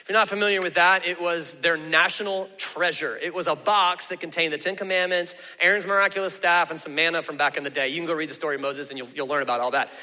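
A man's voice: fairly high pitch, steady tone, quick pace, hardly any pauses, pushed and bright, big-room sound. A man preaching a sermon as pastor, in a folksy, conversational way with emphatic asides.

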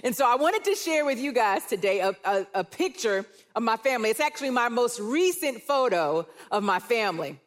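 A woman's voice: fairly high pitch, animated, a little fast, few pauses. A middle-aged woman, giving a conversational sermon and telling family stories with playful asides. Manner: warm storytelling with playful quoted asides. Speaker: church speaker. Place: church auditorium.

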